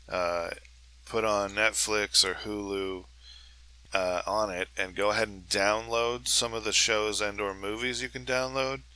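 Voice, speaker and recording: A man with a low voice hosts a comedy podcast, rambling through crude jokes. His tone is bright and forceful, and he keeps the chatter loose. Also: clear, resonant tone, poor audio. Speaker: podcast host. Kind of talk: comedic monologue.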